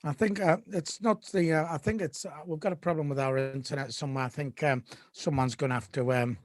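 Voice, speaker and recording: A man with a high voice and dry, close sound, bantering on a fan stream. He jokes at his own expense and reads out viewer comments. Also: steady tone, a little fast, no echo. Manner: joking, self-deprecating, reads out chat. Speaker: fan co-host. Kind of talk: casual banter.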